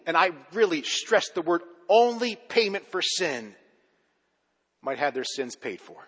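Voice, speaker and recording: A male pastor delivers a sermon in a church sanctuary, his voice a little husky. He punches key words loudly, then lets phrases sink low and soft. A long reverb trails behind every line. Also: lively intonation, measured pace. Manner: emphatic, swinging between loud urgent stresses and low quiet endings.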